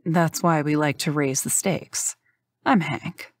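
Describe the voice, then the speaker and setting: A woman's voice: deep voice, fairly even intonation, slow, no room sound. Woman voicing a smug college guy.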